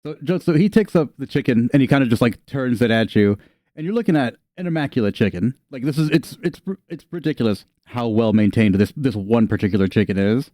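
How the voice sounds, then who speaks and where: A man's voice: medium pitch, brisk, mellow, no echo, studio quality. A man narrating a tabletop game as game master, laid-back and casually swearing.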